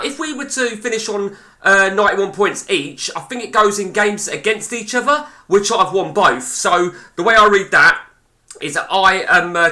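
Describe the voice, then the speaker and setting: A man with a high, sharp voice streams live, offering blunt, sweary, rambling commentary on a football management game.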